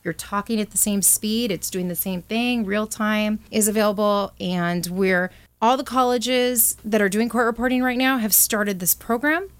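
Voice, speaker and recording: A woman's voice: medium pitch, normal speed, few pauses, no echo. A woman speaking as a college representative in an interview, enthusiastic and upbeat. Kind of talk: promotional interview.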